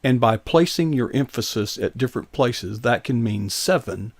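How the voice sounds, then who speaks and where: A man's voice: medium pitch, lively intonation, moderate pace, dry recording. A man hosting a casual interview, talking in a rambling way that takes detours before reaching his point. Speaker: host.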